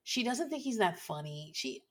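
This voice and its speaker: A woman chatting casually about a TV show, animated and laughing often as she acts out quotes. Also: a little high, normal speed. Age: late 20s or older. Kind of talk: casual chat recapping a TV show.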